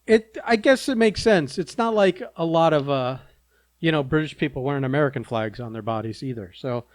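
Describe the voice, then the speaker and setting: A man co-hosting a podcast throws in wry, teasing remarks during casual banter. His voice sits a little high and sounds dry and close on the mic. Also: a little fast, no room sound. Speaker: podcast co-host.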